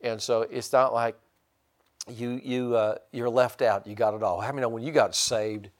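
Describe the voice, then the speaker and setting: At a moderate pace, a middle-aged man preaches as a pastor, wandering folksily through his sermon. He often starts over and suddenly erupts into loud, high-pitched excitement.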